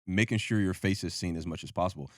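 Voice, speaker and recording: Male podcast co-host, very low voice, quick delivery, dry close sound, easygoing and slangy. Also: no room sound. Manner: laid-back, chuckles, slangy. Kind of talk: casual chat.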